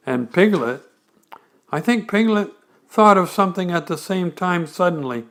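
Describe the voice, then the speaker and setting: A man reading a bedtime story aloud, unhurried and gentle. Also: high-pitched, expressive.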